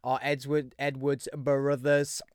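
A man's voice: mid-range voice, completely flat delivery, takes it slowly, smooth, dry recording, studio quality. A young man with a Birmingham accent hosting a podcast, talking in an upbeat, rambling way. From West Midlands, England. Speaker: podcast host. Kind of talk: casual podcast monologue.

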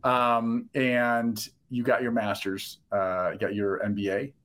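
A man's voice: mid-range voice, little pitch movement, measured pace, a bit bright. A man hosting a casual podcast interview, talking in a reflective, conversational way. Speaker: podcast host, former quarterback.

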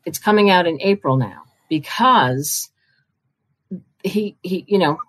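A woman's voice: on the low side, animated, slow, fairly bright tone, slightly rough. An older woman, a publishing marketing executive, telling stories in a casual chat and acting out the voices she quotes. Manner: chatty, acts out quoted voices. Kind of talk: casual storytelling in a conversation.

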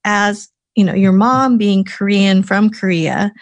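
A woman's voice: mid-range voice, slow, dry recording. A woman hosting an interview, affirming and attentive as she reflects and asks questions. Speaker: interviewer, host. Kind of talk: conversational interview.

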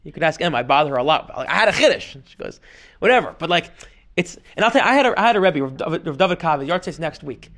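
A man teaching a Talmud class as a rabbi, telling stories in an animated way and swinging between loud and hushed delivery. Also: fairly high pitch, rapid-fire. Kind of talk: lively classroom lecture.

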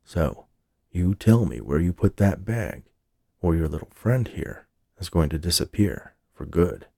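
A man doing a gravelly crooked cop. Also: animated, a little slow, darkish tone, no echo, clean studio sound, heavily acted. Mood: menacing. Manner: low gravelly threatening tone. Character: menacing crooked police officer, man.

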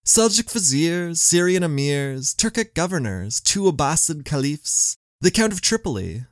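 A man's voice: fairly high pitch, very animated, unhurried, no room sound, clean studio sound. A man hosting a history podcast, telling the story in scripted narration with wry asides.

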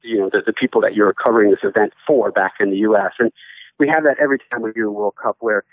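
A man's voice: lowish voice, steady tone, fast talker, dry recording. Man in his forties, soccer broadcaster, chatty and rambling, heard over a tinny dry call line. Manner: chatty, rambling with many restarts. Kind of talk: casual podcast chat.

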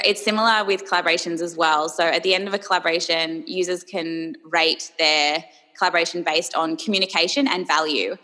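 A young woman with an Australian accent talks freely as an interview guest, her voice bright and forceful and a little low. She laughs often and fills her sentences with "like" and "you know". The sound rings with a long hall reverb. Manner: chatty and upbeat, laughs often, many fillers. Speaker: startup founder, guest. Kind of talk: casual interview conversation.

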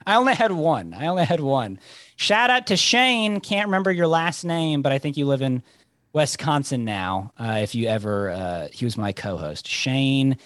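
A man chatting as a podcast guest, telling lively, rambling stories. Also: mid-range voice, moderate pace, dry recording, studio quality. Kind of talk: casual chat.

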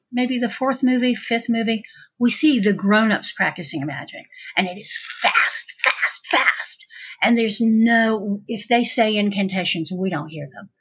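A woman's voice: mid-range voice, husky. A woman in casual conversation, chatty and rambling, often restarting her sentences. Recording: dull lo-fi sound.

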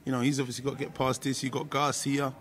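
With a medium-pitched, slightly bright voice, a man talks fast and evenly as a guest in a relaxed interview. He laughs readily, frequently begins with "listen," and often starts his sentences over.

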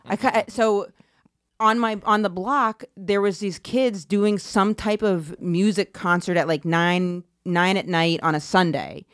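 A woman comedian tells her stories on a podcast with animated, self-mocking energy. She punches up the quoted lines and keeps the pace loose. Her voice is close and dry, with no room around it. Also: mid-range voice, a little slow, no echo. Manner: animated, self-deprecating, acts out quotes loudly. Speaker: comedian guest. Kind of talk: casual podcast storytelling.

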